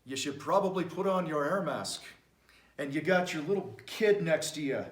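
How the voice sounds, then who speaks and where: A man voicing an airline pilot with a put-on Irish accent, giving a calm warning over the speakers. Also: on the high side, moderate pace, echoey room, distant mic, lightly acted.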